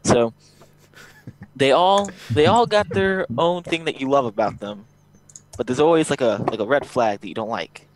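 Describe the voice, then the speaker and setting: A man chatting in a relaxed, rambling way with many fillers in a casual online group chat. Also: mid-range voice, normal speed, slight background noise, poor audio. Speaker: video chat caller.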